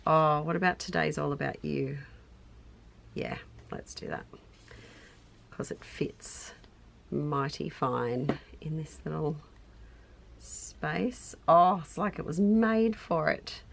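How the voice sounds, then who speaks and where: A woman's voice: low voice, slow pace, gravelly, pauses often, slight background noise. A middle-aged Australian woman chatting casually to viewers, thinking aloud and amusing herself as she decorates a scrapbook tag at home. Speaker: craft YouTuber. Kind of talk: casual crafting narration.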